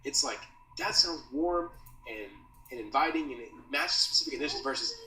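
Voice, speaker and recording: A man's voice: fairly high pitch, big pitch swings, fairly quick, bright, forceful tone. A man teaching a copywriting course in a loose, slangy casual talk, calling listeners dude and bro. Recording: roomy echo, mic at a distance, faint noise.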